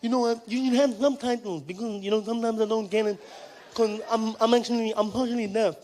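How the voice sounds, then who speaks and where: A man's voice: high voice, steady tone, fairly quick, voice pushed up, lightly acted. A man voicing an eager, blunt, partially deaf young male athlete who is a fan. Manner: loud, pushy, blunt, keeps laughing at him.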